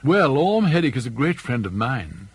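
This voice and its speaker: A man's voice: medium pitch, sing-song, breathy edge, no echo. A man voicing an elderly English father who is dry, mischievous and mock-courteous, with an arch, ironic manner. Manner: arch, ironic, drawn-out emphasis.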